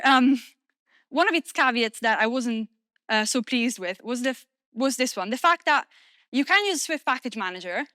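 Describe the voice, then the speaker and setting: A woman whose first language is Italian, giving a lively, self-deprecating conference talk in English with many fillers. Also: fairly high pitch, no echo, clean studio sound. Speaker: conference speaker.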